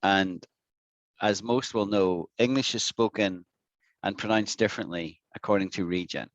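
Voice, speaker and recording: A man's voice: lowish voice, moderate pace, no echo, muffled recording. A man with an Irish accent teaching an online English lesson over a video call, patiently repeating words to demonstrate them. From Ireland.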